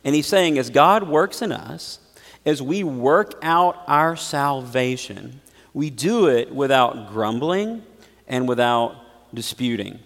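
Gravelly-voiced pastor preaching in a reverberant hall. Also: male voice, medium pitch, animated, slow. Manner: preaching with big swings between loud emphasis and quiet asides. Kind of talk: sermon.

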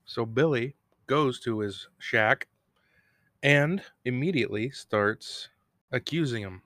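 A man's voice: mid-range voice, slow, a bit bright, dry recording, studio quality. A man casually recapping a TV episode on his own, rambling, joking and laughing at himself. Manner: self-deprecating, rambling, laughs at own jokes. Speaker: podcast host recapping an episode. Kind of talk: casual solo recap with jokes. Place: home recording room, cat bell nearby.

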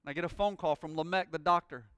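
A man preaching a sermon, telling a personal story and rising into loud, joyful praise. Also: on the high side, fast talker, clear, resonant tone, no echo, studio quality. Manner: exuberant, shouting praise. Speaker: pastor.

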